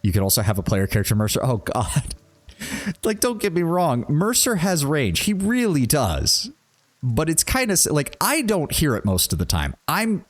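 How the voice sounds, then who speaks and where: A man streaming a role-playing game who chats casually, rambles, laughs, and reads the on-screen text aloud. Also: medium pitch. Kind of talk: casual gameplay commentary and reading game text.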